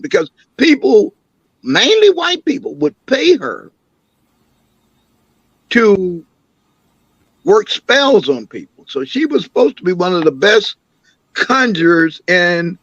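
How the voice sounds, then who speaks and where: An older man, an imam and councilman, recounting family memories as an interview guest with an animated, storytelling manner. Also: high voice, slow pace, pauses often, slightly rough, no echo, highs cut off. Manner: animated storyteller, acts out quoted voices.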